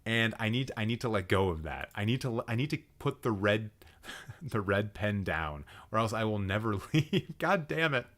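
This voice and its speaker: A man's voice: on the low side, animated, moderate pace. A young man hosting a live stream, reading out viewers' film lists and mocking them with sarcastic asides and frequent laughter. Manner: sarcastic, mocking, laughs often, swings loud and quiet. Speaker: livestream host roasting viewer film profiles.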